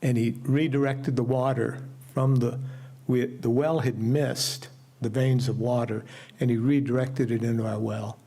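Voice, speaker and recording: An older man sharing a personal remembrance at a memorial service, telling stories in an unhurried way with asides. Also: mid-range voice, steady tone, dark tone. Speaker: memorial speaker. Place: ashram gathering hall.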